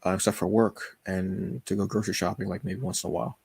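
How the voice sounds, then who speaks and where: A man hosting his own podcast, telling a personal story in a halting, emotional way with many fillers and restarts. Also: low-pitched, steady tone, gravelly, darkish tone, husky, dry recording. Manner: emotional, confessional. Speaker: podcast host.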